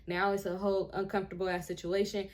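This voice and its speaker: A young woman vlogger telling a story in a casual, animated and profane way, often sounding indignant. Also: medium pitch, quick pace.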